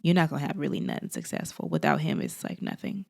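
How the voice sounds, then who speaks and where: A woman talking to camera in a casual, encouraging vlog, animated and sassy, like a big sister, often breaking into laughs. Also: rumbling low, quick pace, creaky. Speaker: faith and lifestyle vlogger.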